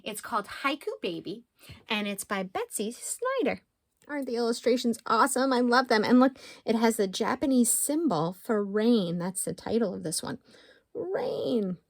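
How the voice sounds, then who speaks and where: A woman in her thirties teaching young children and reading a picture book aloud, sing-song and animated, with quiet asides. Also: on the high side, normal speed.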